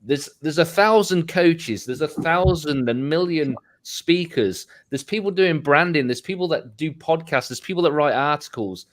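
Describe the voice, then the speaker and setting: A man's voice: a little high, lively intonation, normal speed, hardly any pauses. A man speaking earnestly and reflectively as a guest coach in an online talk. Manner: earnest, motivational.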